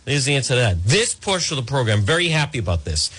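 A man holds forth on talk radio in a husky voice. His pitch rises and falls all over the place as he rambles and tosses in sarcastic asides. He speaks into a studio microphone. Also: very animated, quick pace, fairly bright tone. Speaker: radio talk show host.

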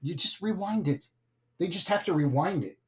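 A man's voice: high voice, expressive, moderate pace, darkish tone. A man hosting a casual podcast, joking and stumbling over his words now and then. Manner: playful, self-deprecating, stumbles over words. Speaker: podcast host.

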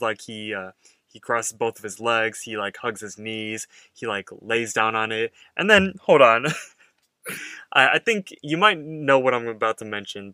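A young man in his twenties talks casually on a podcast, recapping a cartoon and acting out the characters' lines. His voice is bright and forceful, recorded close and dry. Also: medium pitch, clear, resonant tone, dry recording. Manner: animated, acts out characters' lines while recapping. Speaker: podcast co-host.

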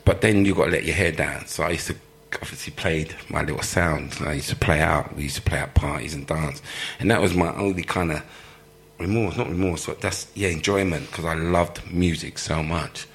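A former footballer telling lively stories in an interview, laughing often and acting out the people he quotes. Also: extremely low pitch, vocal fry. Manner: animated storyteller, laughs often, acts out quoted voices. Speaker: former professional footballer, guest. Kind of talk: live storytelling interview.

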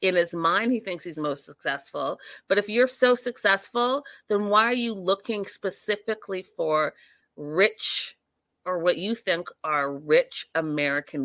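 A woman's voice: on the low side, normal speed, no echo. A woman giving a casual, sassy commentary recap to her viewers, calling them y'all and acting out what people said. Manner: animated, sassy, addresses viewers as y'all, acts out quotes. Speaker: reality TV recap vlogger.

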